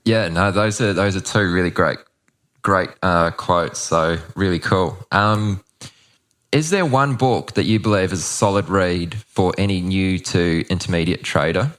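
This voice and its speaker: A man's voice: low-pitched, a little slow, fairly bright tone. A man hosting an interview podcast, asking questions hesitantly with fillers. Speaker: podcast host.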